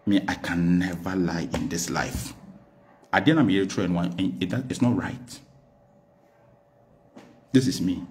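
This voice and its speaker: A man's voice: deep voice, measured pace, pauses often, darkish tone, a little hiss or hum. A man with a Ghanaian accent, speaking as a guest in an unscripted TV interview, talking defiantly and emphatically, mixing English with Twi. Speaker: political guest.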